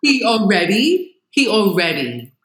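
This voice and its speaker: A woman in her thirties, a guest in a casual chat, telling lively family stories and acting out quotes. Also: mid-range voice, measured pace. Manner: animated storytelling with acted-out quotes. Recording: roomy echo.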